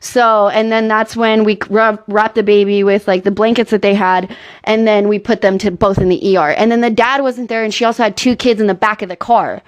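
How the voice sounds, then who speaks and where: A woman's voice: mid-range voice, fairly even intonation, fairly quick. A young woman, a nurse and comedian, talking in a casual comedic interview, playful and teasing with frequent laughs.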